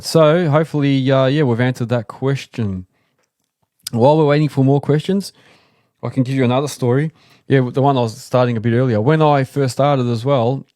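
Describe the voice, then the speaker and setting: A man's voice: medium pitch, no echo, clean studio sound. An Australian man hosting a live stream, casually telling stories about starting his business, rambling with fillers and acting out what people said. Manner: relaxed, rambling, acts out quoted people. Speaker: host, excavation business owner. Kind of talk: casual livestream storytelling.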